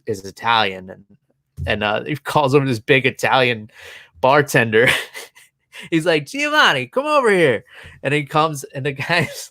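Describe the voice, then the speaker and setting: A man's voice: mid-range voice, a bit bright, no echo. A man in his thirties tells a long, rambling story in casual podcast chat, amused and chuckling often. His voice sits in an ordinary middle range, and it was recorded close and dry with no room sound around it. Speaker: podcast co-host.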